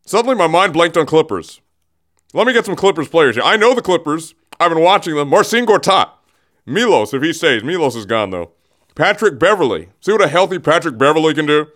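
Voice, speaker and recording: Guy hosting his radio show, goofy rambling teases, fairly high voice, studio mic. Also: very animated, a little fast, fairly bright tone. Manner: rambling, jokey, teasing, restarts mid-thought. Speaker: radio host. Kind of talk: casual radio monologue. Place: radio studio, also streamed on camera. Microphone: studio microphone.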